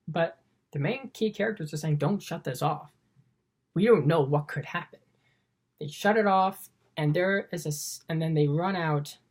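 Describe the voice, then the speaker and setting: A woman's voice: sits low, a little mellow. A woman giving a casual scene-by-scene film recap as a reviewer, in an eager, rambling retelling.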